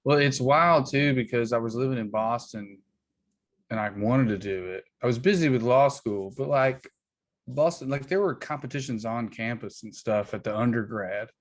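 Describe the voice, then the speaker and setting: A man's voice: medium pitch, moderate pace. A man in his thirties, a guest comedian in a casual podcast chat, teasing and dry as he tells stories.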